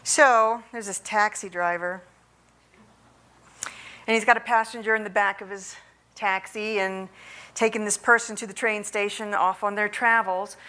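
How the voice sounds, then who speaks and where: A woman minister telling a story and then giving a measured, earnest sermon. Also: mid-range voice, steady tone, bright, forceful tone.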